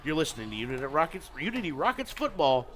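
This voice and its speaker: A man calling a high school football game live on radio as play-by-play announcer, with quick play calls that climb to shouts on big plays. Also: very animated, slight background noise, low-quality recording. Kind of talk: live radio sports commentary.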